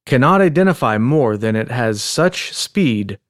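A man reading a pilot's radio calls from a transcript in a measured, plain way. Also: mid-range voice, lively intonation, no echo, studio quality, close to an everyday voice. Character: calm adult male pilot on the radio.

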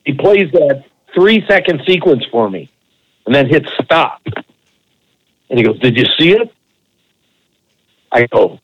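A man co-hosting a podcast, telling a long, animated, profane anecdote in a casual way. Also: on the high side, measured pace, pauses often, slight background noise, low-quality recording. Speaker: podcast co-host. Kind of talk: casual storytelling.

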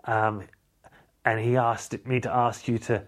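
A man's voice: medium pitch, flat delivery, a little slow, lightly acted. A man voicing an exasperated new father who swears bluntly. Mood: earnest. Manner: irritated, swearing.

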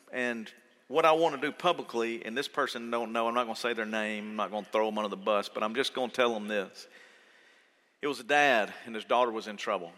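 A man preaching a sermon as pastor, earnest and conversational, going from soft to loud. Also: medium pitch. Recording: long reverb of a church hall.

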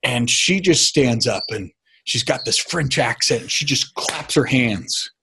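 A man's voice: medium pitch, a little slow, gravelly, a little hiss or hum. A middle-aged man telling a personal story in a casual chat, acting out what others said. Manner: animated storyteller, acts out quotes. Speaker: guest.

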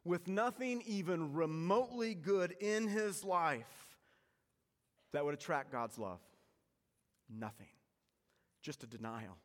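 A man's voice: a little high, lively intonation, slow pace, long pauses. Preaching man in a reverberant hall. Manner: dramatic, varying loud emphasis and soft hushed lines. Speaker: pastor. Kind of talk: sermon.

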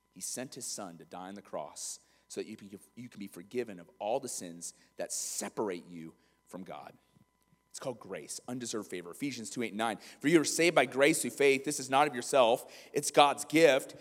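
A man's voice: sits high, long reverb tail. A man preaching a sermon as pastor, emphatic and acting out little scenes for his listeners.

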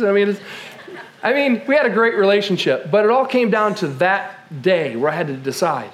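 A male pastor with a notably high voice preaches in a conversational, personal way. He often stumbles over words and restarts his sentences as he talks. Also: lively intonation, fast. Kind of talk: sermon.

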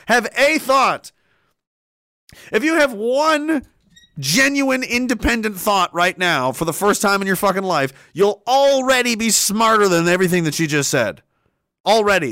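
A man's voice: high voice, sharp tone, no room sound. Sarcastic ranting man. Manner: sarcastic, profane, exasperated, laughs a lot. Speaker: commentator. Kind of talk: ranting comedic commentary.

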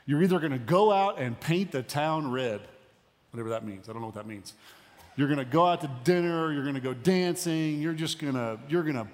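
A man giving a sermon as a pastor, conversational with pauses and emphatic rises. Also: a little high, animated. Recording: long hall reverb.

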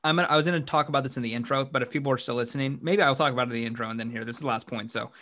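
A man's voice: medium pitch, racing, pushed and bright. A man hosting a casual sports podcast, rambling with frequent restarts and hiccuping. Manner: rambling, restarts often, upbeat. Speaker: podcast host.

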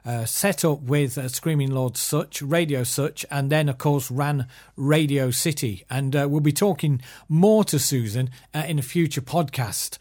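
Podcast host, male: fairly high voice, casual, hesitant delivery. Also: a little mellow. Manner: friendly, loose, hesitant with fillers. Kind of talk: podcast introduction.

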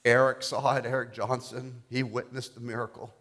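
A middle-aged male pastor preaching a sermon, telling a testimony softly and rising to loud, impassioned declarations. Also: mid-range voice, little pitch movement, moderate pace. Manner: quiet storytelling building to loud, impassioned declarations.

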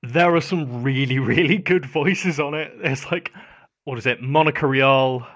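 Bright-voiced man, wry podcast co-host. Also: medium pitch, a little slow, no room sound. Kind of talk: casual chat. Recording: dull lo-fi podcast audio.

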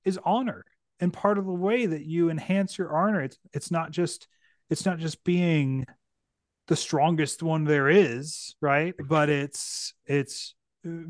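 A man's voice: on the high side, no echo, studio quality. A male podcast host from the United States, casually retelling and discussing a book in a chatty, rambling way. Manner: chatty, rambling, lots of restarts.

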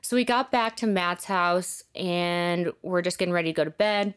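A young woman telling a personal story in casual conversation, full of fillers and dropping softer when reflective. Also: fairly low pitch, steady tone, moderate pace, clean tone. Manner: chatty, many fillers like "like", dips to soft reflective tones. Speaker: podcast guest telling her story.

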